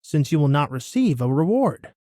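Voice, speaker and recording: A man reading a Bible passage aloud in a steady, expressive way. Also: fairly high pitch, normal speed, dry recording, clean studio sound. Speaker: scripture reader.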